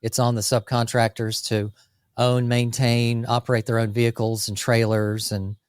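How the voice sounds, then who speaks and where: A man co-hosting a casual business podcast, talking energetically through lists with quick asides about running a landscape company. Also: medium pitch, level tone, smooth, dry recording.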